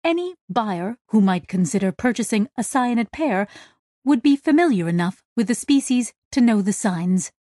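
A woman voicing a grave male alien ship's doctor who explains things slowly. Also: on the high side, expressive, mellow, no room sound, clean studio sound, close to an everyday voice.

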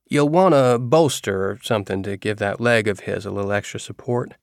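A man voicing a brisk, bossy middle-aged woman nurse in an audiobook. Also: on the low side, creaky, clean tone, no room sound, studio quality.

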